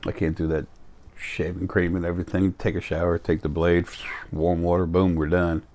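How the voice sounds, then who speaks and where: Deep-voiced blunt rambling man. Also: flat delivery, moderate pace, darkish tone, a little hiss or hum. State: tired. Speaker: vlogger. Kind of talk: casual monologue to camera.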